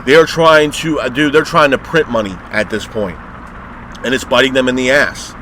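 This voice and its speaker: A man's voice: mid-range voice, moderate pace, pushed and bright, slight background noise, low-quality recording. A man hosting a wrestling review show, ranting in a heated, exasperated way and swearing constantly.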